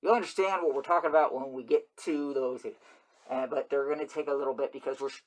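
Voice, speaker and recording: A man hosting his channel, talking in a rambling, repetitive monologue and breaking into loud, high yelps when he mimics people. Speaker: channel host.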